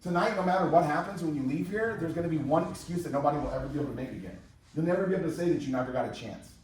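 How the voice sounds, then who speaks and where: A man in his fifties giving an energetic, repetitive motivational sales presentation to a live audience in a large room, rallying the crowd. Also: a little high, rapid-fire, a little hiss or hum. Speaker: company presenter. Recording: very echoey hall, mic far off.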